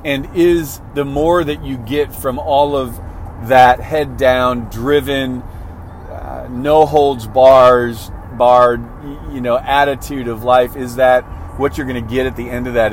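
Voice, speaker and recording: A man's voice: medium pitch, fairly even intonation, unhurried, slight background noise. Man giving a conversational motivational talk. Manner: conversational, frequent "right?" tags and restarts. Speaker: motivational speaker.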